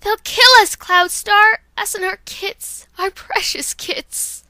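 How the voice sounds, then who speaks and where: A woman's voice: very high voice, steady tone, takes it slowly, bright, forceful tone, no room sound, voice pushed up, heavily acted. A young woman voicing an anxious mother cat who is protecting her kits, pleading with a raised voice. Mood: desperate.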